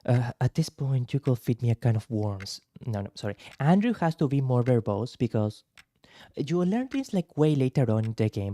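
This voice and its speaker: A man streaming a game, chatting casually with a hoarse voice and frequent self-corrections. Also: medium pitch, mellow, dry recording, clean studio sound. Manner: chatty, self-interrupting, bilingual asides. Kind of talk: casual gameplay chat.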